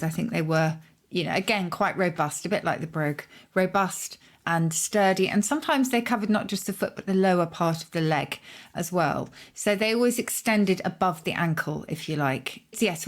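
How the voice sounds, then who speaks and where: Woman, lower pitch, thoughtful, explains word origins, casual podcast talk. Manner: thoughtful, explaining, with hedges like "if you like". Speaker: podcast co-host, word expert.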